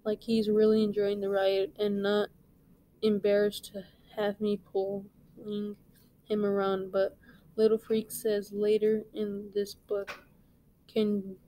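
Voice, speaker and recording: A woman, a reading teacher, reading a novel aloud in a plain, unhurried way with small slips. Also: mid-range voice, monotone, mellow, dry recording, rough recording.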